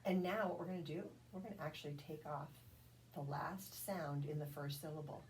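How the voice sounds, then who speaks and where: A woman's voice: low voice, a little fast, darkish tone. Patient woman tutor sounding out letters. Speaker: reading tutor. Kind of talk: one-on-one phonics drill. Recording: distant mic with faint background noise.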